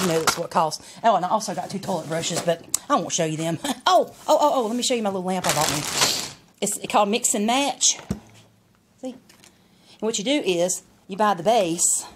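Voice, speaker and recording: A woman's voice: on the low side, very noisy. A woman chatting casually in a haul vlog, folksy and rambling as she shows off what she bought. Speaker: vlogger.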